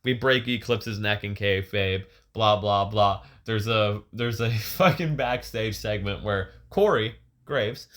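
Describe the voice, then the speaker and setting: Excitable young man telling a wild story. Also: lowish voice, slow, hardly any pauses. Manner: animated storytelling, profane, laughs often. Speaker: podcast co-host. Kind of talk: casual chat, retelling a match.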